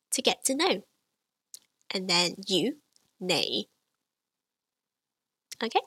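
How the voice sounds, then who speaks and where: A woman teaching a beginner language lesson, speaking patiently and clearly while she demonstrates sounds for the listener to repeat. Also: fairly high pitch, a bit bright, no echo, poor audio.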